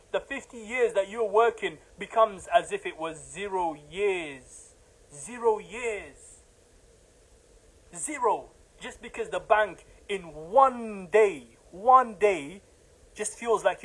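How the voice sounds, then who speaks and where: A man delivering a fervent religious talk in a notably high voice. He hammers his points with repetition and builds into heated, emphatic bursts. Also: slow pace, fairly bright tone, husky, poor audio. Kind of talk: impassioned religious lecture.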